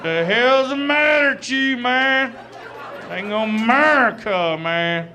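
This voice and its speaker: A man voicing a furious redneck man who yells from the crowd, shouting in slow, stretched-out words. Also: very high voice, animated, pitched above the performer's own voice, full character voice. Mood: furious ranting.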